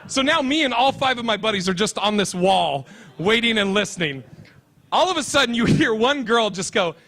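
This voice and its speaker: Brash high-voiced stand-up comedian, man. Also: lively intonation, a bit bright. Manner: brash, fast storytelling.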